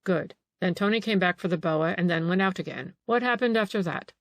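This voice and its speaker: A woman voicing a calm male police detective in an audiobook, pressing with questions. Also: on the low side, fairly quick, dry recording, natural voice. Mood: probing. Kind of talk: audiobook character reading.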